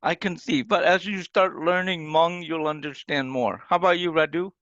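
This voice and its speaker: A man's voice: fairly high pitch, steady tone, normal speed, fairly bright tone, no echo, lo-fi sound. A man teaching an online language class, patiently explaining and demonstrating example phrases over a video call.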